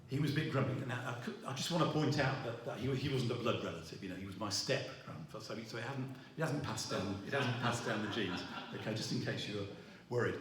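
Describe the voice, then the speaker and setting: A middle-aged man preaching a sermon. He talks in a halting way, restarting his sentences and filling pauses with ums. His voice is heard from some distance and rings around a very reverberant church hall. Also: mid-range voice, a bit bright. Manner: halting, with many restarts and fillers. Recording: roomy echo, voice from afar.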